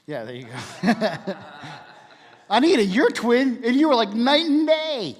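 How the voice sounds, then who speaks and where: A man's voice: extremely high pitch, very animated, unhurried, big-room sound. A man giving a casual, jokey church talk, asking the room questions as he goes.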